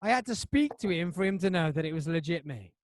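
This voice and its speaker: A man hosting a podcast, telling a story in a rambling, animated way with lots of restarts. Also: on the high side, quick pace, no room sound, clean studio sound. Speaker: podcast host. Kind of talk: casual chat.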